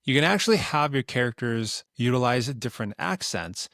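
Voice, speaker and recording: Relaxed man explaining a tutorial. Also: medium pitch, a little fast, dry recording, clean studio sound. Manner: relaxed, explanatory, plain-spoken. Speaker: tutorial creator. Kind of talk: instructional screen-recording explanation.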